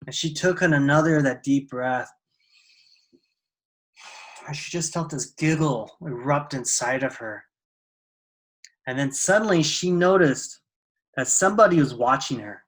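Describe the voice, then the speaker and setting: A storyteller telling a fable in a soft, unhurried, conversational way. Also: medium pitch, animated, low-quality recording. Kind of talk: oral storytelling, casual.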